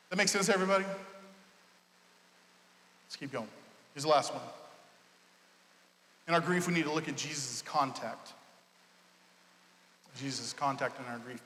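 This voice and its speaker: A man preaching with passion and in a conversational way, often repeating himself. He has a high, bright voice. His sermon rings out through a large, echoey church hall. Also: a little slow, pauses often. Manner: impassioned, conversational, repeating words. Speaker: pastor. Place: church sanctuary.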